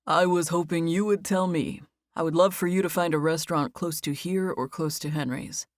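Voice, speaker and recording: A woman's voice: low-pitched, fairly even intonation, normal speed, dry recording, clean studio sound, close to an everyday voice. A woman voicing a teasing, easygoing young man.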